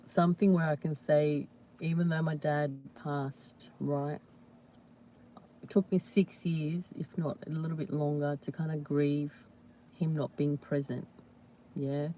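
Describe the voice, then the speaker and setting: A woman hosting a casual live chat with viewers, talking warmly and reassuringly with many "you know"s and "yeah"s. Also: deep voice, a little hiss or hum. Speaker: livestream host.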